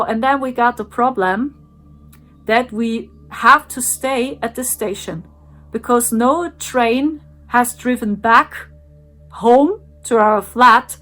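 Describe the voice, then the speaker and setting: A woman's voice: on the high side, a bit bright. A woman, an English speaker, earnestly recounts a strange personal experience and repeats sound effects. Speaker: spiritual channel host. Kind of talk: personal storytelling.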